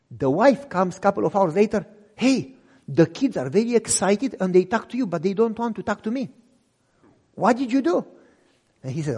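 A man preaching a sermon as a story, acting out the lines of the people in it with big swings between loud and soft. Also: slightly rough. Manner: acts out dialogue with big swings in loudness and pitch. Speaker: pastor. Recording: long reverb in a large hall.

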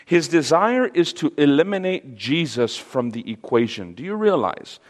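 A man preaching a sermon, teaching slowly and emphatically and asking the audience questions. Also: a little high, sing-song, long reverb tail.

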